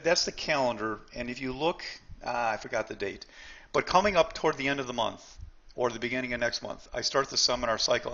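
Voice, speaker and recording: A man's voice: medium pitch, a bit bright. A man teaching a live trading seminar, blunt and emphatic, often repeating himself and talking straight to the group.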